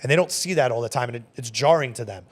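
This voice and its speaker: A man who manages a bar, telling stories in a casual interview, quick and animated with many fillers. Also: medium pitch. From Long Island, New York. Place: podcast studio.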